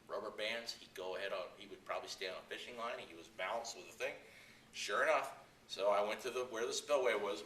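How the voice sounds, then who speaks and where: A middle-aged man telling fishing stories to a club audience, animated, acting out the people in them and laughing often. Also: fairly low pitch, slight background noise. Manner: animated yarn-spinner, acts out quotes, laughs often. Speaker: guest speaker at anglers club. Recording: echoey room, speaker far from mic.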